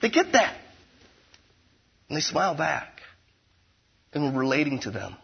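A man preaching a sermon in a conversational way, with playful asides, swinging between loud emphasis and hushed tones. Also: a little high, very animated, unhurried, vocal fry, breathy edge, muffled recording. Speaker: pastor.

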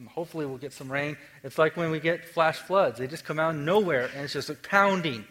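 A man preaching a sermon in a casual, conversational way, moving between lively emphasis and quiet, hushed stretches. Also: fairly high pitch, brisk, a little hiss or hum, poor audio. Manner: conversational, swings from energetic to hushed. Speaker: pastor.

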